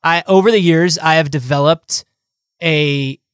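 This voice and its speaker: A man co-hosting a podcast in casual chat, talking in quick bursts with a playful, rambling manner. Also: a little high, clean tone, no echo, studio quality. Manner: chatty, fast bursts, lots of "like" fillers, playful asides. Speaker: podcast co-host.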